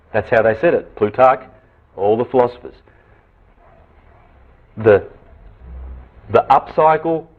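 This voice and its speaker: A man giving an esoteric lecture with visual aids, lively and full of rhetorical questions and repeated phrases. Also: medium pitch. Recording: tinny phone-like lecture recording.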